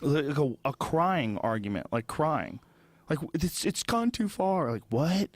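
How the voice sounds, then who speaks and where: A man's voice: a little high, sing-song, unhurried, no echo. Blunt, profane man in a dry studio. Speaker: podcast host and comedian. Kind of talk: casual podcast chat.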